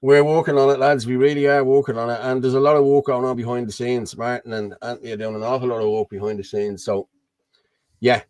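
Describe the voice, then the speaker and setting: A man's voice: medium pitch, steady tone, fast, a little mellow, no room sound. An Irish man talks over a video call in a rambling, blunt way, always circling back with "you know what I mean". His voice sits in the middle range. The sound is dry and close, with no room around it. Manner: rambling, blunt, keeps asking 'you know what I mean'. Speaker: host. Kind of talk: casual political chat over a video call.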